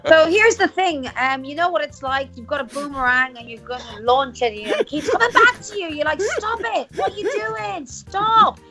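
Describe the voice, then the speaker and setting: An Irish woman pitching a silly invention playfully as a guest in a party game stream. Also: a little fast, hardly any pauses. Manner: playful, animated joking pitch. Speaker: guest player. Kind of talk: casual game chat.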